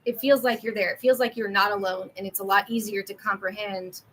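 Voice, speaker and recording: A woman's voice: medium pitch, level tone, fairly quick, fairly bright tone, a little hiss or hum, low-quality recording. A woman co-hosting a podcast in casual chat, a supportive listener who agrees often. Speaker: podcast co-host.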